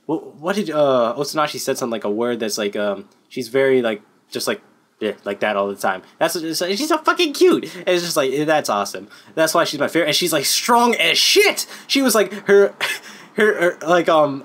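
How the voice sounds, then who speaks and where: A man giving a casual, unscripted anime review, excitable and rambling, swearing constantly and filling gaps with "like.". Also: medium pitch. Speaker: anime YouTuber.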